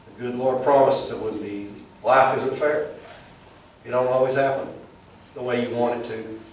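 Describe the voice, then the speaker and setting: A middle-aged man speaks at a chamber event in a plainspoken, storytelling way. His voice sits in an average pitch and carries a long echo from a big hall, picked up from well back of the mic. A faint room noise runs underneath. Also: recorded from a distance. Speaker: speaker at a chamber event, former football coach. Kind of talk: folksy motivational speech with jokes.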